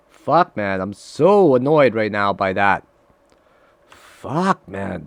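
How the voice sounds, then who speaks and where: A low-voiced man talks viewers through his trades live, calling them guys as he goes. He is excitable and swears freely, jumping from loud, frustrated outbursts down to quiet muttering at the screen. The recording is close and dry, with no room sound. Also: takes it slowly, vocal fry, no echo. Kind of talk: live trading commentary.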